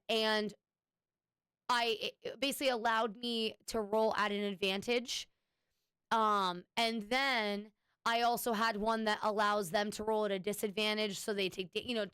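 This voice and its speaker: A woman's voice: a little high, a bit bright, smooth, no echo. A woman streamer chatting casually with her viewers, rambling and swearing now and then. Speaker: Twitch streamer.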